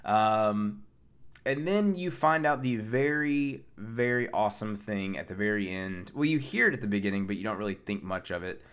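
A man with a slightly low voice talks through a film's plot in a loose, chatty recap. He rambles, piles up fillers and restarts his sentences. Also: expressive, moderate pace, a bit bright, clear, resonant tone. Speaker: pop culture reviewer. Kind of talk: casual film recap.

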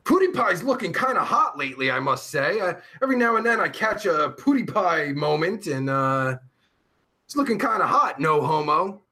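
Here the chat-show host sounds sing-song, his bright, edgy, high voice lurching widely up and down as he speaks at a leisurely pace. He works through viewers' messages with crude, meandering commentary and flares up easily.

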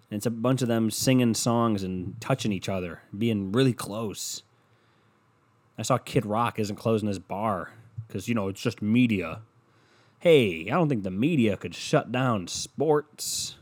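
A young man hosting a podcast at home, ranting casually with lots of swearing and rambling asides. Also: on the low side. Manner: profane, rambling, loud. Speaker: podcast host. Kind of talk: casual rant monologue. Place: room at home.

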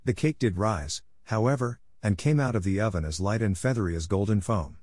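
A man narrating a classic storybook in a measured, steady reading. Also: on the low side, no room sound, studio quality. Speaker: audiobook narrator.

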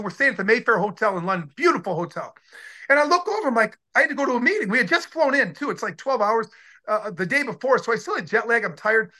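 A man in his sixties, a former football player, telling stories in a casual interview with excited, rambling talk and many restarts. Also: extremely high pitch.

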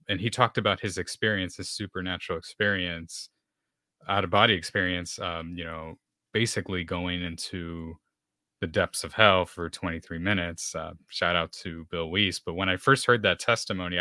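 A man's voice: low voice, pushed and bright, no room sound, studio quality. A man from Texas sharing a personal testimony as a podcast guest, talking loosely with plenty of fillers. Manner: storytelling with many fillers, acts out dialogue.

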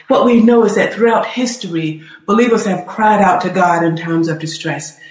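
A woman's voice: on the low side, normal speed. Fervent woman preacher, echoey room. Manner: fervent, building in emphatic repetition. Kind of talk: sermon. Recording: roomy echo.

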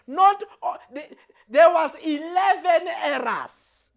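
A man's voice: very high voice, lively intonation, moderate pace. A man preaching a sermon to a congregation, impassioned and emphatic, repeating his phrases and speaking straight to the room. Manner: addresses the congregation directly.

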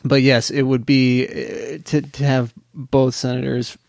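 A man's voice: mid-range voice, level tone, measured pace, creaky, a little mellow, slight background noise. A man co-hosting a podcast in casual chat, talking eagerly and often restarting his sentences. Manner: chatty, repeats words when he restarts. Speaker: podcast co-host.

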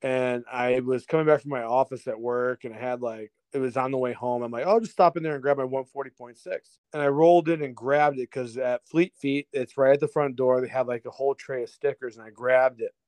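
A man telling a story in a casual chat as a podcast guest, lively, acting out other people's lines and laughing often. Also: medium pitch, a little fast, hardly any pauses, dry recording. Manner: animated storyteller, acts out voices, laughs often, swears.

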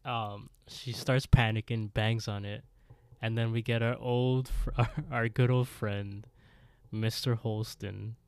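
A man's voice: on the low side, little pitch movement, takes it slowly, clean tone, no room sound. A man co-hosting a podcast, casually recapping a TV episode, laughing often, swearing freely and briefly acting out the characters. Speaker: podcast co-host.

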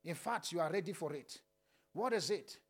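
A man's voice: fairly high pitch, animated, moderate pace, husky. A man leading a fervent sermon prayer as pastor, repeating declarations with frequent "uh" fillers.

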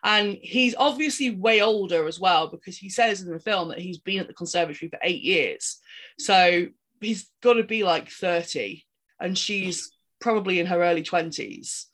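This woman, a podcast co-host from outside the United States, speaks at a moderate pace in a fairly low, slightly bright voice. She casually retells a film's plot in a rambling way, full of ums and restarts, in a relaxed film-recap chat.

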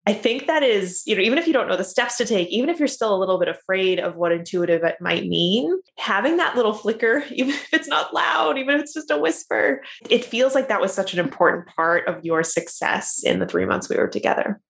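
A woman's voice: medium pitch, sing-song, fairly quick, gravelly, few pauses. A woman hosting a conversation, affirming and encouraging her guest. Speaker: host and coach. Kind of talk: supportive conversation.

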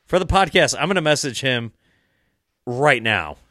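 A man's voice: mid-range voice, lively intonation, normal speed, sharp tone, dry recording, studio quality. A man chatting as a guest on a casual podcast, rambling, laughing often and swearing freely.

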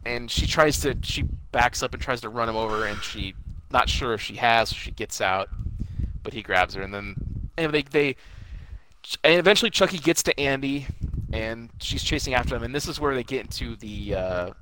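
Male podcast co-host, bright forceful tone, rambling excited movie recap, faint background hiss. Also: mid-range voice, normal speed, rough recording. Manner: rambling, excited scene-by-scene retelling. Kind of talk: casual movie review chat.

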